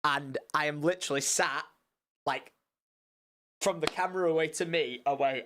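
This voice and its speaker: A young man telling a story on a live stream, animated and rambling, with swearing and many restarts. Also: on the high side, normal speed, pauses often.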